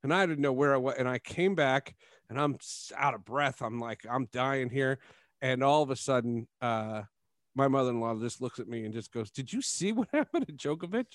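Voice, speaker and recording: A man hosting a sports podcast, telling stories in a casual, animated way and laughing often. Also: medium pitch, moderate pace, no echo, studio quality. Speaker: podcast host.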